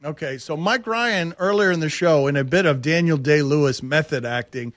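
A man hosting a sports radio show, telling stories with animated banter and frequent laughs. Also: on the high side, normal speed, no echo, studio quality. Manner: animated storytelling, laughs often. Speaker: radio host.

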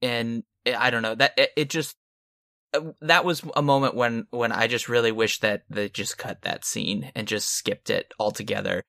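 A man's voice: mid-range voice, steady tone, moderate pace, creaky, pushed and bright, no echo. Frank, rambling man on a dry mic. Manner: rambling, frank, with short laughs. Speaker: podcast co-host. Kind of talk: casual film discussion.

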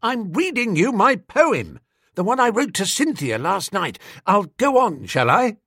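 A man voicing a dramatic, lovesick young gentleman who gushes and sulks over his beloved, in an audiobook reading. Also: high voice, big pitch swings, measured pace, no room sound, clean studio sound, pitched above the performer's own voice, heavily acted. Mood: eager. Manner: gushing and petulant, sighs over his beloved. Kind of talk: audiobook character voice.

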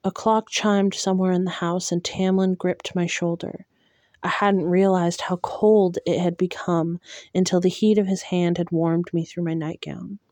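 A woman reading a fantasy novel aloud in a soft, unhurried and emotional way. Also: lowish voice, little pitch movement, no room sound. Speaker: audiobook reader.

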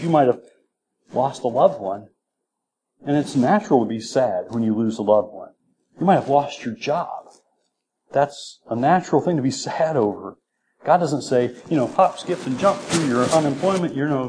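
A man's voice: mid-range voice, dark tone, a little hiss or hum. A man preaching a sermon as pastor, earnest and repeating his key points. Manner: earnest, repeats key phrases, quick laughs.

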